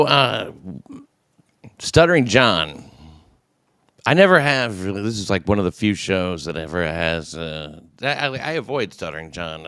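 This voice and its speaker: A man's voice: low voice, vocal fry, a bit bright, dry recording, clean studio sound. A man hosting his own livestream, ranting in a profane, combative way with many fillers and restarts. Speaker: livestream host. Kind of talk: ranting monologue.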